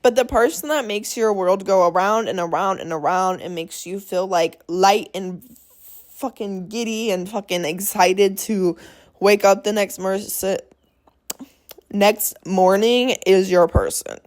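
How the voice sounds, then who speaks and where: A woman's voice: mid-range voice, unhurried, darkish tone. A young woman hosting her own podcast, talking alone in a blunt, profane, rambling way and giving pep talks. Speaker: podcast host. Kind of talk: casual solo podcast monologue.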